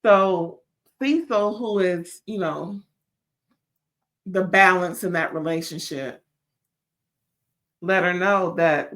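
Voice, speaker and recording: A woman hosting a casual reality TV review, sassy and animated, calling listeners "child" and stammering when riled up. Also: fairly low pitch, a little slow, long pauses. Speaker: reality TV recap host.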